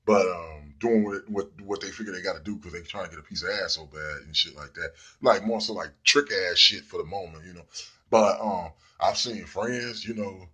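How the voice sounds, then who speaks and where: A man's voice: deep voice, moderate pace, bright, forceful tone, husky. A man giving a blunt, profane casual monologue full of fillers. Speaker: commentator.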